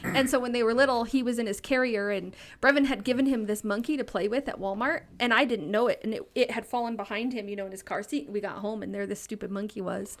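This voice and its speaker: A middle-aged woman spins a story as a podcast guest, her voice sitting a little higher than most. She talks bluntly, cusses without a second thought and breaks into laughter along the way. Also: fast talker, few pauses. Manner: lively, blunt, swears freely; laughs often while telling stories. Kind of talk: casual storytelling.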